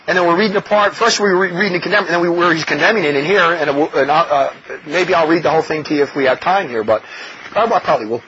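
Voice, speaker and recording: A man's voice: a little high, rapid-fire, a little hiss or hum. A man speaking as a religious brother in an impassioned, mocking talk, laughing often. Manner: animated, mocking, with frequent laughs. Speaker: religious brother leading a community. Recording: dull lo-fi recording.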